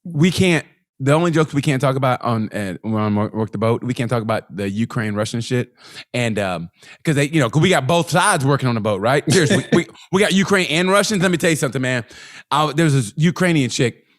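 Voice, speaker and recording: A man's voice: medium pitch, animated, fast. A man co-hosting a comedy podcast, swearing freely, laughing often and acting out other people's lines. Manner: profane, laughing, acts out quoted voices. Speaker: podcast co-host. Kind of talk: crude comedic banter.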